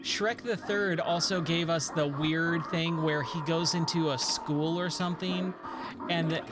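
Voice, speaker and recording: Rambling, slightly high-voiced man in his thirties, casual gaming chatter over music. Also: steady tone, measured pace. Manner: rambling, chatty, easily sidetracked. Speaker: streamer playing arcade games. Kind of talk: casual chat while gaming. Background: game music.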